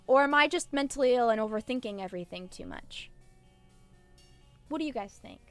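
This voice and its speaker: A woman's voice: on the high side, expressive, brisk, a bit bright, faint music behind. A woman streamer rambling in casual live-stream chat, irreverent and swearing freely.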